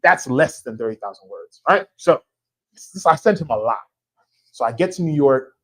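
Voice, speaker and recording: A man, an author, telling lively anecdotes about writing his book to an audience at a church event, often checking in for agreement. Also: mid-range voice, moderate pace, poor audio. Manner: animated, anecdotal, with a frequent tag question asking the audience to agree. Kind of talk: storytelling conversation before a live audience.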